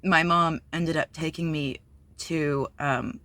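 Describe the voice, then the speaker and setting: A woman's voice: deep voice, fairly even intonation, slow, pushed and bright, no room sound. A woman candidly telling a personal story on her vlog, blunt and profane, with many fillers. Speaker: vlogger.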